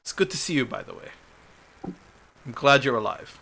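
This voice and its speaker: A man's voice: medium pitch, sing-song, normal speed, vocal fry, bright, forceful tone, exaggerated voice. A man voicing a captured male prisoner in a tabletop game who insists he was under a spell. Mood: pleading.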